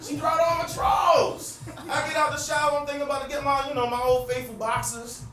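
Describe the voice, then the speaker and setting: An actor playing an exasperated, self-mocking husband in a comic stage monologue, telling his story in an animated way with wry punchlines. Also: very high-pitched, brisk, crowd noise. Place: theater stage before a live audience. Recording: roomy, distant, loud live audience.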